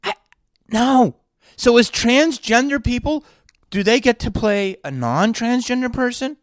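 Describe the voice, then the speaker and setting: A man's voice: extremely high pitch, animated, a little slow, no echo, studio quality. A man hosting his own podcast, ranting with sarcastic rhetorical questions in an indignant monologue. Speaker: podcast host and actor.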